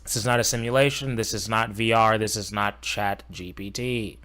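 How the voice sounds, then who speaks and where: A man's voice: lowish voice, steady tone, normal speed, noisy background. A young man reacting to a video as a streamer, casual, profane and sarcastic.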